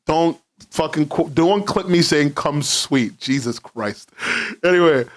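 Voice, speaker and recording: A young man talks to his stream viewers from home, his voice sitting slightly high for a man. He rambles casually, swears freely and breaks into laughs often. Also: lively intonation, measured pace. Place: London, indoors at home.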